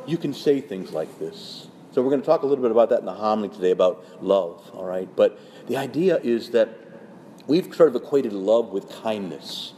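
A man who is a Catholic priest preaching an urgent, pleading talk that often climbs sharply in pitch and loudness. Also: sing-song, brisk, slight background noise. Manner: acts out quoted parishioners in their voices. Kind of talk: sermon-style teaching talk.

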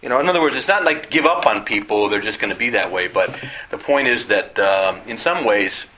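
A man leading a Bible study class in an animated, conversational way. His pitch swings widely as he poses rhetorical questions to the group. His voice is bright and forward. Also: fairly quick, slight background noise, rough recording. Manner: animated, acts out quoted voices; asks listeners rhetorical questions. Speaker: Bible teacher.

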